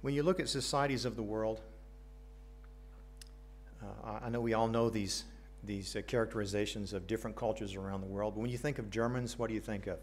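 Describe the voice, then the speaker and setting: A man's voice: lowish voice, fairly even intonation, a little fast, a little hiss or hum. An American man preaching a sermon to a congregation, earnest, asking questions and adding light jokes. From United States. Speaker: pastor.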